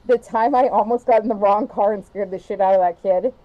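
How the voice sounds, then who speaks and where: A woman's voice: mid-range voice, a little fast, lo-fi sound. A woman co-hosting a casual podcast chat, teasing and swearing freely as she tells her side of a story. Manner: profane, teasing banter. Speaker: podcast co-host.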